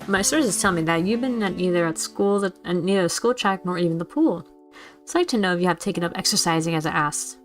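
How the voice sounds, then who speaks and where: A woman's voice: on the low side, fairly quick, soft background music, natural voice. A woman reading a chatty, insistent male school nurse. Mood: prying. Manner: friendly but insistent, lecturing. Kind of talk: reading a visual novel aloud.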